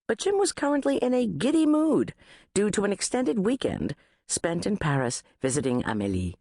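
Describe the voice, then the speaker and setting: A woman reading a first-person novel as an audiobook narrator, expressive and wry. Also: very deep voice, dry recording, clean studio sound.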